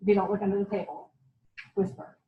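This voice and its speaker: A woman giving a lively, chatty sales training talk to a group, laughing often and acting out what customers say. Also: on the high side, fairly quick, slight background noise. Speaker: guest speaker. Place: meeting room. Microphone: far from the mic. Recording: echoey, dull, distant room recording.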